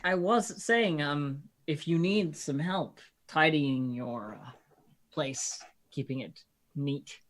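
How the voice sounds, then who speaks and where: A player playing an eager adventurer who offers help in a hesitant, polite, hedging way. The voice sits at a middling pitch. The delivery stays plain. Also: slow pace, lightly acted.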